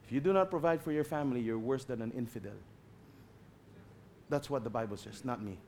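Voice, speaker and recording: A man with a Filipino accent preaching a sermon as a guest pastor, passionate, swinging between loud emphasis and quiet asides, slipping in Tagalog phrases. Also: medium pitch, fairly quick, a little hiss or hum.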